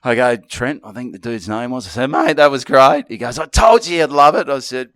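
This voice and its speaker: A middle-aged Australian man co-hosting a podcast launches into a rambling, swear-filled anecdote, animated and casual. His voice is mid-range and brisk, recorded in studio quality with no echo.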